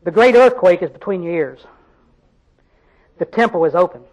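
High-pitched folksy Southern preacher man. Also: lively intonation, moderate pace, darkish tone, highs cut off. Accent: Southern American. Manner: folksy, emphatic, calls out to the congregation. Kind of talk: sermon.

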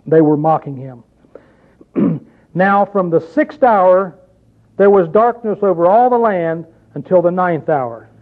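Male preacher, high-pitched and emphatic, sermon delivery, tinny lo-fi recording. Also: animated, slow. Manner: emphatic, rhetorical questions, reads scripture aloud.

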